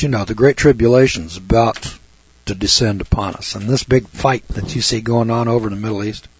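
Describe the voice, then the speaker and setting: A man's voice: mid-range voice, slightly rough, no room sound. A man preaching in a blunt, folksy monologue, speaking straight to his listeners as a radio preacher and commentator. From United States. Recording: dull lo-fi dry recording.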